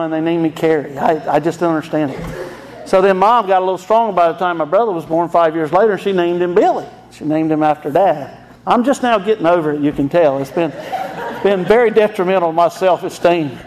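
High-voiced folksy preacher man. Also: a little fast, a little mellow. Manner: folksy, emotional storytelling with laughs. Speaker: pastor. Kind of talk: storytelling sermon.

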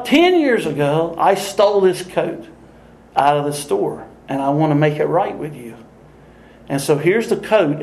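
An older man with a slightly high voice preaches an animated sermon built on storytelling, laughing often and acting out the dialogue of the people in his tales. The low-quality recording sounds roomy, with slight background noise.

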